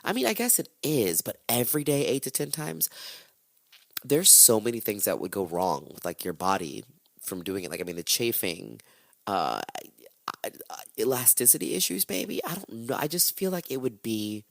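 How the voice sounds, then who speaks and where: A man's voice: medium pitch, very animated, moderate pace, creaky, no echo. A man hosting a podcast, retelling a true-crime story in casual chat, irreverent and swearing freely as he acts out the quotes. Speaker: podcast host.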